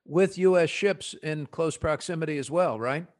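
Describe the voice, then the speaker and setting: A man with a New Jersey accent hosting a podcast panel, animated and joking as he prods his guests with quick questions. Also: on the high side. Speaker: podcast host. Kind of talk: casual panel discussion.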